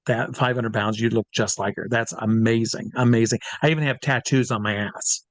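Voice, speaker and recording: A man, a drag performer and hypnotist, telling a lively anecdote as an interview guest, acting out the quoted voices and swearing freely. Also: medium pitch, moderate pace, no room sound. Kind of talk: casual storytelling in an interview.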